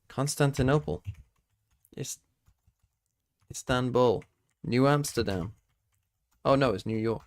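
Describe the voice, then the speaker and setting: A man's voice: mid-range voice, slow pace, long pauses. British male streamer quizzing chat. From Britain. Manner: swearing, quizzing himself aloud and talking to chat. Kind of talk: casual live-stream chat.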